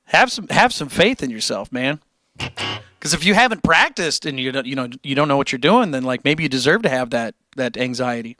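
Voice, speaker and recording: A man's voice: medium pitch, animated, brisk, bright, forceful tone, dry recording. A young man streaming and answering chat questions about guitar, blunt and encouraging, with casual swearing and rambling tangents.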